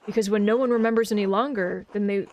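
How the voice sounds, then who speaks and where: A woman reading the lines of a grieving elderly father and widower in a game, in a slow, sorrowful storytelling manner. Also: medium pitch, steady tone, a little mellow, lo-fi sound, a little hiss or hum, close to an everyday voice. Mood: earnest.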